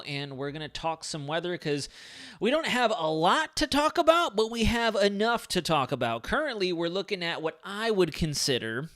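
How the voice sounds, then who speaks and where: Chatty man with a smooth voice. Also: on the high side. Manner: chatty, excitable, rambling asides. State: slightly slurred from a sore lip. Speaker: weather livestream host. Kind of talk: casual livestream weather talk.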